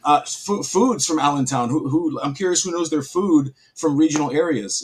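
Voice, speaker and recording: A man casting a card game stream, telling playful, animated local trivia in casual chat. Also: a little high, normal speed, hardly any pauses, slight background noise. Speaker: stream caster.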